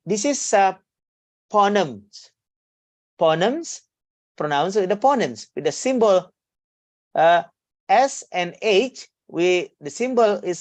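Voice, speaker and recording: A woman with an Indonesian accent teaching an online English class, speaking haltingly with many fillers and restarts over a video call. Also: on the low side, lively intonation, a little mellow, dry recording. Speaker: English lecturer.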